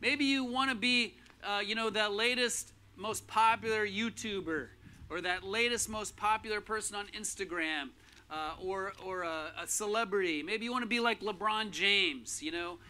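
A man's voice: sits high, moderate pace, bright, forceful tone. A man preaching a sermon in a casual, conversational way, with lots of fillers and restarts. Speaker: pastor.

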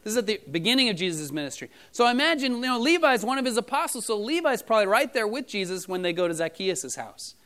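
A man's voice: high voice, sing-song, fast talker, few pauses, fairly bright tone. A middle-aged man preaching a casual sermon to his church, talking in a loose storytelling way with many fillers. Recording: church audio recording.

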